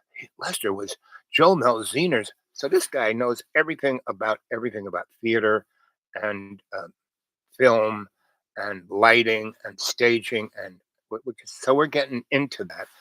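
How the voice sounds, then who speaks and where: A man's voice: fairly low pitch, fairly bright tone, no room sound, poor audio. A man telling a long, rambling personal story in a casual way, full of fillers, restarts and quoted dialogue. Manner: meandering, many fillers and restarts, quotes others. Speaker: storyteller host.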